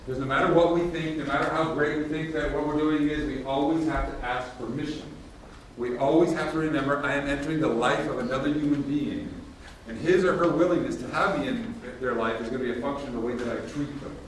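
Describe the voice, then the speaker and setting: A man gives a workshop talk, telling stories casually and acting out the dialogue with lively emphasis. He sounds far from the microphone in a very echoey hall. Faint ambient noise runs underneath. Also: mid-range voice, quick pace. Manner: casual, animated, acts out dialogue. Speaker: workshop presenter. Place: large room with audience.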